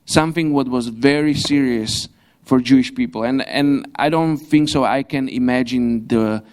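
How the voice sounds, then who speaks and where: A young man preaching a sermon in a church, pausing and restarting often, with grammar and the odd light laugh. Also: mid-range voice, smooth. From Slovakia. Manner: halting, frequent restarts, non-native grammar, light laughs. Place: church hall.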